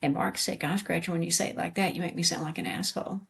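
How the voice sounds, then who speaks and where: A woman's voice: lowish voice, steady tone, quick pace, gravelly, background noise. A middle-aged woman, a retired army sergeant major, telling a story in an interview and acting out the dialogue.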